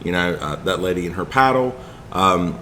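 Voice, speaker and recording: Male podcast host and self-defense instructor, slightly low voice, easygoing, laughs a lot. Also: expressive, normal speed, pushed and bright, a little hiss or hum. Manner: easygoing, laughs often, with restarts. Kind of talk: casual podcast chat.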